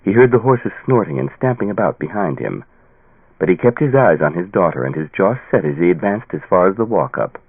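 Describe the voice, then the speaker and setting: A man narrating a fantasy audiobook in a measured, expressive reading. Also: low-pitched, vocal fry, breathy edge, no room sound. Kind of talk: scripted narration. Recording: tinny phone-like dry sound.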